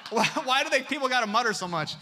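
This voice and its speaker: A man preaching a sermon as pastor, joking with the congregation and dropping to a hush for emphasis. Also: very high voice, quick pace, slight background noise. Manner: lively and humorous, swinging between loud and hushed.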